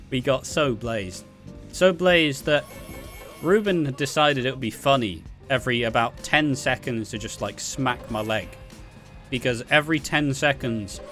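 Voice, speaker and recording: Young welsh guy rambling through festival-style stories, swears a lot, laughs mid-sentence, soft music under him. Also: medium pitch. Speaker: vlogger. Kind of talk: casual storytelling.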